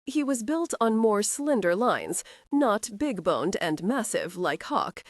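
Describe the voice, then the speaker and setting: A woman narrating a historical romance audiobook with expressive scripted storytelling. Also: mid-range voice, a little slow, dry recording, studio quality.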